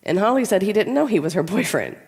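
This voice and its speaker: A woman's voice: mid-range voice, quick pace. A woman voicing her commanding grandmother in her nineties, telling a folksy story in a Southern accent. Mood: fond. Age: 90s. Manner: folksy, lively porch storytelling. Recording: long reverb in a large hall.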